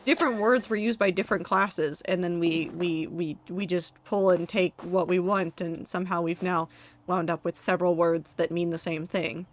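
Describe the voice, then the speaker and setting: Reading live chat while she plays, a young woman streaming from home talks in a casual, rambling way and laughs at herself. Her voice is lowish and steady, at normal speed.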